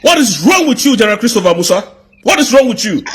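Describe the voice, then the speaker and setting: A man's voice: high voice, sing-song, quick pace, a little hiss or hum. A man with a Nigerian accent delivering an angry political rant, firing off indignant rhetorical questions. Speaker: commentator.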